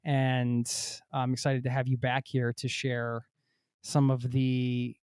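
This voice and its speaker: A man hosting a travel podcast, talking in an energetic, jokey way with plenty of casual fillers and restarts. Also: medium pitch, slow pace, smooth, no room sound, studio quality. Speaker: podcast host. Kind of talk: upbeat podcast intro and chat.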